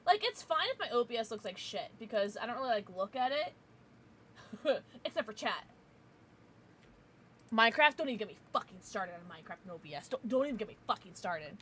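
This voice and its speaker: A woman's voice: on the high side, sing-song, fairly quick, pauses often, fairly bright tone, a little hiss or hum. A woman streaming a video game, chatting casually with her viewers and swearing freely. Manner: chatty, swears freely, talks to chat by name. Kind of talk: casual livestream chat.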